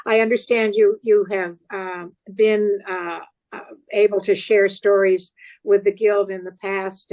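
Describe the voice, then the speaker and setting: Woman emcee, halting intros with fillers, video call. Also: mid-range voice, a little mellow, low-quality recording. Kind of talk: introducing performers.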